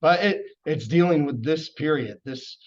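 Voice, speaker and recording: A man's voice: a little high, a little slow. Chatty male history teacher. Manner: chatty, rambling, enthusiastic. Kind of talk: casual classroom lecture. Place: classroom. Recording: dull lo-fi classroom recording.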